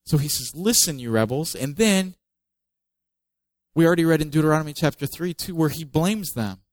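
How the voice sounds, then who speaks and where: A man's voice: on the high side, normal speed, a little mellow, no room sound, rough recording. A man preaching a sermon in a conversational way, reading scripture aloud with emphasis and adding joking asides. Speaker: pastor.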